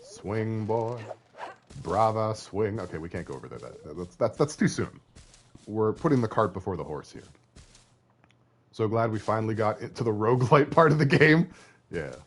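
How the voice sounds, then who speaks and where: A man's voice: fairly low pitch, expressive, normal speed. A man streaming a video game, rambling and joking to his viewers as he plays. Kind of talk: casual gaming commentary.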